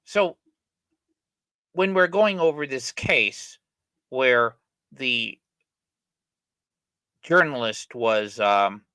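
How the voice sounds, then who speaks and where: A man's voice: mid-range voice, expressive, extremely slow, pauses often, sharp tone, clean tone, no echo, poor audio. A middle-aged man hosting a channel, giving casual spoken commentary on an article he is reading, rambling along with frequent fillers and self-corrections. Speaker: channel host discussing an article.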